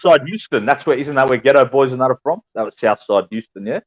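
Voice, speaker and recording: A man's voice: medium pitch, expressive, fast talker, lo-fi sound. A man from South Sydney, joking in a casual group chat.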